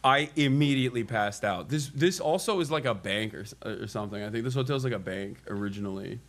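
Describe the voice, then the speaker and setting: A man's voice: mid-range voice, a little fast. A tired man streaming live from a hotel room, chatting casually and rambling with joking banter. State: tired from little sleep. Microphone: streaming mic.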